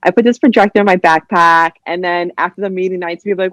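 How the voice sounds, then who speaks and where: A woman from New Jersey, a writer guesting on a podcast, telling stories in a casual, animated way, full of "like" and "you know," and acting out other people's voices. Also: lowish voice, fast talker, hardly any pauses, no echo, highs cut off. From New Jersey, USA. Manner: heavy use of "like" and "you know". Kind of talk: casual interview storytelling.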